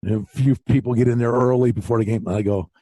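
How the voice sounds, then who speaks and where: A man co-hosting a sports betting podcast in casual chat, an excitable storyteller. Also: medium pitch, fast talker, no room sound. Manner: excitable storyteller, animated retellings. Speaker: podcast co-host.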